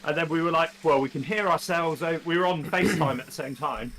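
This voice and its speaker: A man hosts a live stream in easygoing chat, explaining the plan and teasing his friends in a wry way. His voice sits somewhat high for a man. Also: fast talker, very noisy. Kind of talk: casual chat.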